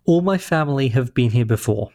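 A man in his thirties with an English accent, answering interview questions in a thoughtful, articulate, measured way. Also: mid-range voice, animated, mellow, dry recording, studio quality. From London, England. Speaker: leader of a humanist congregation.

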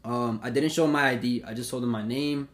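A young man, hosting a podcast and telling a story in a profane, animated way with acted-out quotes. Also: mid-range voice, brisk. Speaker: podcast host. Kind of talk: casual storytelling.

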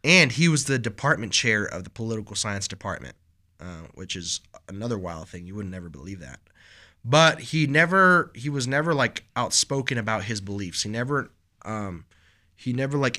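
A man's voice: fairly low pitch, animated, normal speed, bright, forceful tone. A young man co-hosting a podcast, telling stories in a loose, rambling way and calling his friend bro. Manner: rambling storyteller, lots of "like" and "bro". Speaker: podcast co-host. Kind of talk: casual podcast chat.

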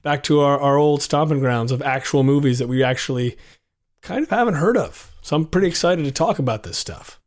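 Male co-host, hoarse from a cold, relaxed chatter. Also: a little high, a little fast. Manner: relaxed, rambling. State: hoarse, sick with a cough. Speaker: podcast co-host. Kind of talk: casual chat about movies.

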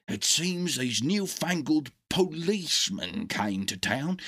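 A man voicing a loyal male dog in a storybook reading, husky, urgent and pleading. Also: fairly high pitch, sharp tone, voice pushed up, heavily acted.

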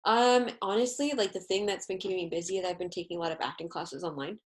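Brief: fast, enthusiastic woman, lowish voice, casual podcast guest. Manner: animated, gushing, quick bursts of enthusiasm.

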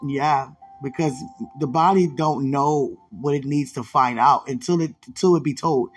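A man speaking an emotional monologue to a loved one, laughing and at times dropping into hushed murmurs. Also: medium pitch, moderate pace, soft background music.

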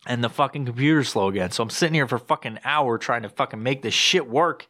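A man's voice: fast, hardly any pauses, no room sound, studio quality. A young man hosting his own podcast, ranting casually with constant swearing and rambling restarts, recorded on a home podcast mic. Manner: jumps into high excited voice when quoting himself. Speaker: podcast host. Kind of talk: casual solo podcast rant. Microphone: podcast microphone with headphones.

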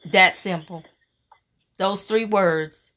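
A woman preacher delivers a sermon with fervent emphasis, leaning on repeated phrases. Her voice is bright and forceful, and she takes her time, stretching out her words. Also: medium pitch, slight background noise. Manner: reads scripture in a slow, measured cadence.

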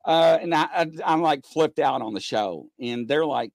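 A man in casual chat as a guest, excitable and repetitive, getting loud when he retells a story. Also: fairly high pitch, moderate pace, few pauses, no room sound. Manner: excitable, repeats himself, shouts when retelling stories. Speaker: paranormal investigator guest.

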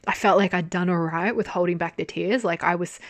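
A woman's voice: on the low side, fairly even intonation, a little fast, no echo. A young woman chatting casually through a review, laughing often and swearing freely as she talks. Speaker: drama reviewer.

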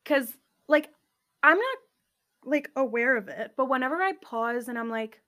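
A young woman co-hosting a podcast, talking in an animated, blunt way and swearing when annoyed. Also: high-pitched, normal speed. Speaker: podcast co-host. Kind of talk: casual chat.

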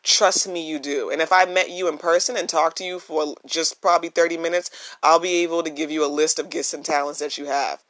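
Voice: medium pitch, steady tone, fairly quick, hardly any pauses, a bit bright. A podcast host talking earnestly and emphatically in a casual solo monologue, recorded on a phone with no microphone. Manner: earnest and emphatic, repeats key phrases.

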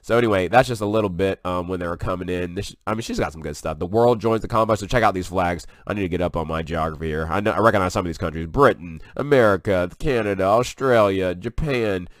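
A man hosting a casual preaching vlog, excitable and folksy as he talks through what is on his screen. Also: deep voice, fast talker, few pauses, dry recording, studio quality. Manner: excitable, folksy, drawls "y'all". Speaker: online video host.

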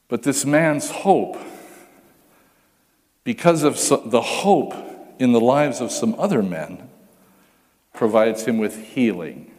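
Man preaching, mid-pitched voice, animated storyteller, long hall reverb. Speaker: pastor. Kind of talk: sermon.

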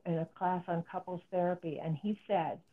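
This middle-aged psychotherapist has a lowish voice, talks fairly fast, and keeps her intonation fairly even. As a guest in an interview conversation, she is earnest and explanatory and performs the lines she quotes, all over a thin, telephone-style line.

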